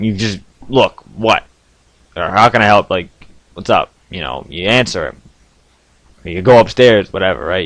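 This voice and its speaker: A young man telling stories to camera from his home basement in a casual, animated way, with sudden loud outbursts and frequent laughs. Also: deep voice, creaky, dry recording. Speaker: vlogger.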